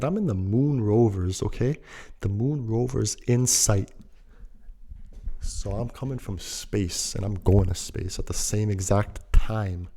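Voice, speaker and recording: A man's voice: on the low side, creaky, warm tone. A man telling a personal story in a laid-back, slangy, rambling way that drifts into musing.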